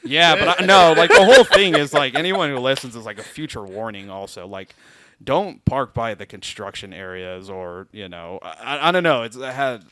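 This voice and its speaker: Lively bright-voiced man telling a story. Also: medium pitch, normal speed, a little hiss or hum. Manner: animated, laughs often, acts out quotes. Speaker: podcast co-host. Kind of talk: casual storytelling chat.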